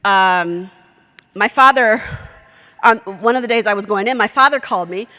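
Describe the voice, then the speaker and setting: A woman giving a conference talk, a lively storyteller who acts out the dialogue. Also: medium pitch, normal speed. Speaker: conference speaker. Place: conference session hall. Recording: echoey conference hall.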